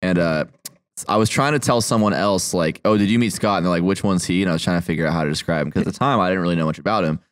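Deep male voice, laid-back, halting with uhs, dry close sound, podcast guest. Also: no room sound. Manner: laid-back, hesitant with fillers. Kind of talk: casual chat.

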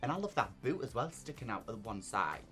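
A man's voice: medium pitch, very animated, quick pace, sharp tone, soft background music. A man who performs in drag, chatting casually as an interview guest, bubbly and often laughing. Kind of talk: casual chat.

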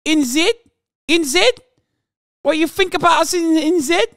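A rowdy, belligerent New Zealand bloke with a thick mock Kiwi accent, as a man puts him on. He shouts the same taunting questions again and again, high-pitched and loud. The voice sits close and dry against the mic. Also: unhurried, dry recording.

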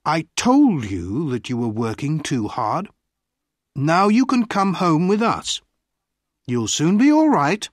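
A calm doctor of about forty speaks in a steady, reassuring way, voiced by an audiobook reader. The delivery is slow and slightly husky, with a dry, close sound. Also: mid-range voice, dry recording, voice pushed up. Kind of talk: audiobook story reading.

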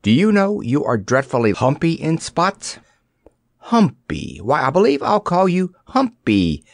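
A man voicing a curious, cheerful young girl in a storybook reading, lively and earnest. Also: a little high, normal speed, dry recording, studio quality, voice pushed up. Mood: eager.

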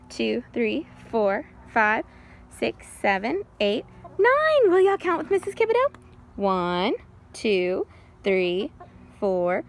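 A young woman teaching kindergarten, singing and talking in an animated, exaggerated way with gasps and cheers. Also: high-pitched, a little hiss or hum. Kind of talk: sing-song lesson for young children. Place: outdoors on a farm.

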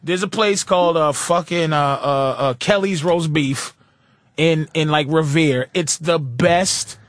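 A man guest on a radio talk show, ranting loudly and profanely with bursts of laughter. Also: on the high side, unhurried, no echo, studio quality. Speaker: comedian guest.

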